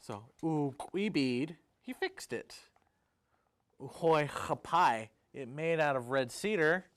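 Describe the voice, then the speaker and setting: A man telling a traditional story, speaking each phrase slowly and then translating it into English, with chant-like repetitions. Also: on the high side, lively intonation, fairly bright tone. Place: community storytelling event.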